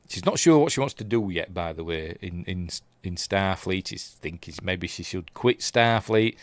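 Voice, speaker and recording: A man's voice: fairly low pitch, no echo. A man with a Yorkshire accent chatting casually on a live stream, rambling through episode recaps with plenty of fillers and asides.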